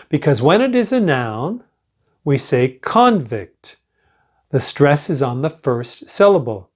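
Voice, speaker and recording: This is a slow pronunciation lesson in which an older male instructor pronounces example sentences carefully for his students to repeat. His delivery is deliberate and crisp, yet lively in pitch.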